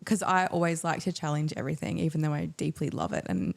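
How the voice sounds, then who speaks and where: A woman's voice: low-pitched, quick pace, gravelly. A woman co-hosting a podcast, asking thoughtful, hedging questions in a casual way. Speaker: podcast co-host.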